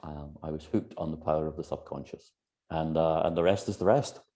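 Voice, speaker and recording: A man, a guest hypnotherapist on a video call, telling stories lively, acting out quotes and laughing often. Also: extremely low pitch, fairly quick. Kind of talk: animated anecdotal storytelling.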